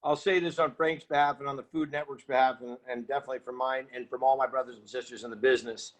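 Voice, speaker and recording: A middle-aged man, an interview guest, telling an animated story and acting out the voices of people in it. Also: medium pitch, fast. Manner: energetic, acts out quoted voices.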